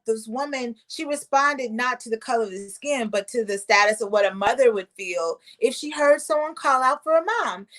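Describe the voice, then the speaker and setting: Chatty, brighter-voiced woman host. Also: a little high. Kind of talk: casual video call conversation. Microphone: video call.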